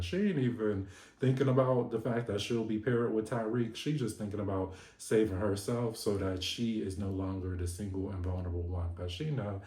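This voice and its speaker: A man giving an animated, gossipy casual recap of a reality TV episode, laughing often. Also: fairly low pitch, normal speed, echoey room.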